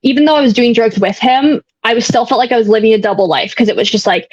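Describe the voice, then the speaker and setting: A woman's voice: a little high, fast, hardly any pauses, no echo. A young woman telling her own story in a casual, candid way, rambling with many fillers and some blunt swearing. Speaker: guest sharing recovery story. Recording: dull, dry lo-fi sound.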